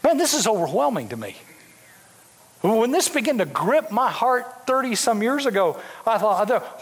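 A man's voice: very high-pitched, big pitch swings, normal speed. A man preaching a sermon as a bishop, fervent and emphatic, repeating phrases for force. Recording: long hall reverb.

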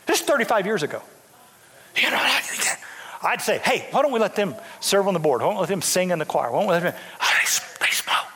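An older man in his sixties preaches in a church, his voice high and bright with big swings in pitch. He talks in bursts, restarting his sentences as he builds. A long reverb from the hall trails each phrase. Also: fast. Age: 60s. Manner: animated preaching with repeated restarts. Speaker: pastor. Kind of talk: sermon. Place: church sanctuary.

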